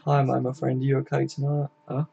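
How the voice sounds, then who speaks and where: A man's voice: mid-range voice, completely flat delivery, fairly quick, vocal fry, mellow, lo-fi sound, a little hiss or hum. A young British man hosting a casual live stream from home, chatting loosely, swearing often and tagging his sentences with "mate" and "innit". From Britain. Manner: laddish, swears a lot, tags questions with mate. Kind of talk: casual live chat reading comments. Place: home room with desk and sofa.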